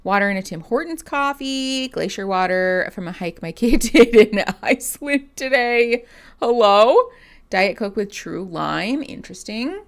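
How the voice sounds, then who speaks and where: A woman's voice: lively intonation, measured pace. A woman in her thirties hosting a casual livestream as a therapist, chatting and rambling with frequent laughs. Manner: chatty and rambling, laughs often, coos at her cat in a high baby voice.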